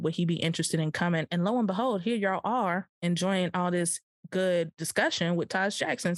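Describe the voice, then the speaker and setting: A woman co-hosting a podcast in casual chat, lively and slangy, talking straight to her listeners. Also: on the low side, dry recording, clean studio sound. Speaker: podcast co-host.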